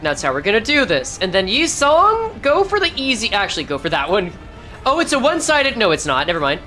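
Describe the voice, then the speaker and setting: A woman's voice: mid-range voice, wildly swooping pitch, brisk, pushed and bright, faint music behind. A woman streamer giving casual gameplay commentary, thinking aloud and correcting herself as she goes. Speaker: game streamer.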